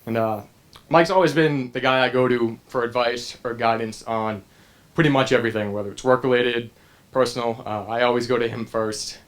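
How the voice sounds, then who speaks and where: A young man giving a heartfelt best man's toast at a wedding, earnest and halting, with frequent pauses and restarts. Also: medium pitch, steady tone.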